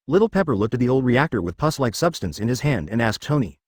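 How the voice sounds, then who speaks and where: A man's voice: medium pitch, very animated, fast, breathy edge, no echo, clean studio sound. A man narrating a fan story in a scripted, machine-read style.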